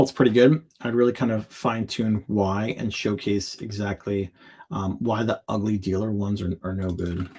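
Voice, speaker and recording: A man with a low, darkish, slightly rough voice hosts a live show reviewing product listings. He reads viewers' on-screen text aloud in fragments and responds with candid, chatty feedback, asides and jokes.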